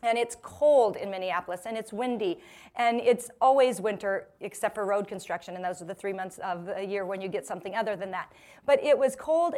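Speaking at a medium pitch, a motivational speaker in her forties gives a funny storytelling talk before a live crowd. Her manner is lively and self-deprecating; she laughs a lot and performs what people said in their own voices.

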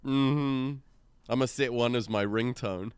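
A man's voice: medium pitch, fairly even intonation, a little slow, smooth. A young man, co-hosting a podcast in a playful, easily amused way. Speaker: podcast co-host. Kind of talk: casual podcast chat. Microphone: remote internet recording.

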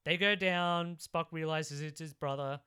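A man's voice: a little high, fairly even intonation, a little slow, sharp tone, clear, resonant tone. A man co-hosting a casual chat, recapping a film plot with sarcastic asides. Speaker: podcast co-host.

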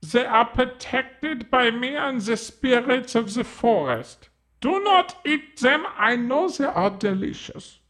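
A woman's voice: medium pitch, a bit bright, heavily acted. A fierce, protective forest spirit who guards her mushroom children, voiced by a woman in an improv comedy sketch. She speaks solemnly and threatens anyone who would eat them, in a mid-range voice.

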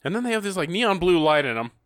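A man's voice: high-pitched, very animated, fast, dry recording, studio quality. A man co-hosting a casual podcast, recapping a movie with jokes and laughter and acting out the characters' lines. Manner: jokey, laughing, acts out quotes. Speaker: podcast co-host.

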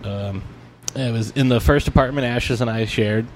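A man's voice: mid-range voice, moderate pace, a little hiss or hum. A man co-hosting a podcast, telling a story in a rambling, casual way, with many restarts and fillers. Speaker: podcast co-host.

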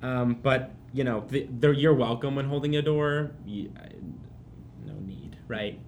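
A man's voice: mid-range voice, a little slow, a little mellow, slight background noise. A man co-hosting a podcast in casual chat, rambling and restarting sentences, laughing often. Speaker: podcast co-host.

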